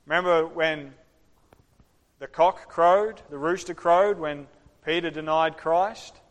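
A man preaching an interactive sermon, animated and acting out the voices of the people in his story. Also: fairly high pitch, takes it slowly. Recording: long hall reverb.

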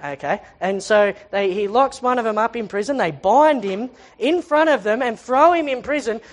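Chatty woman teaching the Bible. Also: a little high. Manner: chatty, asks rhetorical questions, reads scripture aloud.

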